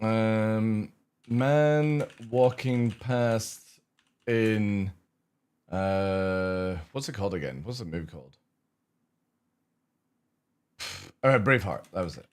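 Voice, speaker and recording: A man's voice: lowish voice, slow, long pauses, clean tone. An English man streaming a game, chatting to his viewers in a rambling way and swearing freely. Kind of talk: casual live-stream chat.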